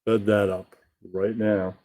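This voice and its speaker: A man's voice: on the low side, flat delivery, takes it slowly, dark tone, slight background noise. A man hosting a puppet show stream, rambling and chuckling to himself as he sets up scenes. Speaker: host.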